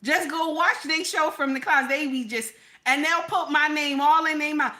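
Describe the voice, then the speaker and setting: Married lady ranting on her channel, high pitched, bright, cusses a lot. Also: normal speed. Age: adult, married. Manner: blunt, profane and animated. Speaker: channel host. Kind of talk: casual commentary to viewers.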